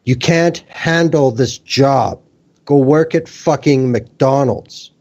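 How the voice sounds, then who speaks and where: A man's voice: mid-range voice, darkish tone. A man who works as an electrician, joining a casual political discussion and speaking bluntly, with everyday metaphors and swearing. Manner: slow, blunt, profane, explains with everyday metaphors. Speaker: electrician and panelist. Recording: dull lo-fi stream audio.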